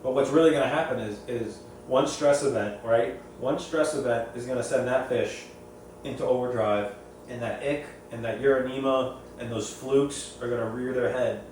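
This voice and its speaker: A man talks casually about the reef aquarium hobby. He rambles and doubles back on his words. His voice sits at an ordinary pitch and is heard from across a very reverberant room with faint background hiss. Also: normal speed, darkish tone. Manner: rambling, repeats and restarts phrases. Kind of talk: casual opinionated storytelling. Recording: very echoey room, far from mic, faint noise.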